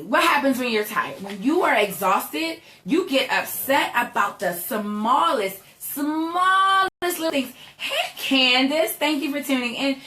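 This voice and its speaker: Young woman, entrepreneur vlogger, motivational chat, emphatic, fairly high voice, roomy echo. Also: bright, forceful tone. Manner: chatty, emphatic, says "right?" often. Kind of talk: motivational talk to viewers.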